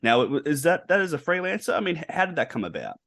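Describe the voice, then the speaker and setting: A man hosting a podcast, asking guests casual questions with quick restarts. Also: fairly high pitch, very animated, creaky, a bit bright, no echo, clean studio sound. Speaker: podcast host.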